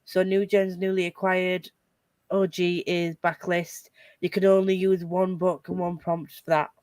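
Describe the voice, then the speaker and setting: A woman's voice: lowish voice, flat delivery, unhurried, darkish tone, clean tone, dry recording, clean studio sound. A woman hosting a casual group livestream, chatty and rambling, laughing often. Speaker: host of a reading livestream.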